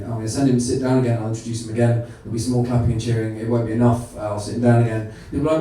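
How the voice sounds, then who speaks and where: A man's voice: medium pitch, steady tone, rapid-fire, hardly any pauses. A man hosting a live comedy night, joking and hyping up the audience, recorded from across an echoey room with a crowd. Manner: jokey, loud, hyping the crowd. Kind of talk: stand-up compering. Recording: echoey hall from far off, crowd noise.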